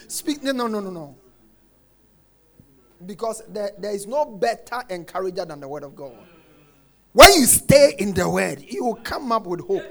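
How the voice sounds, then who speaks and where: A man preaching a sermon, quoting scripture and repeating his refrain, dropping soft and then shouting. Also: very high voice, vocal fry. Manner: emphatic, repeats phrases, swings between soft and shouted lines; quotes scripture, acts out congregants' complaints.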